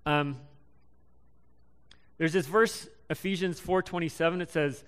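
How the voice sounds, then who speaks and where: Clear-voiced young man preaching. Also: a little high, fairly bright tone. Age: young adult. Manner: casual, halting delivery with many ums and restarts. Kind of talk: sermon.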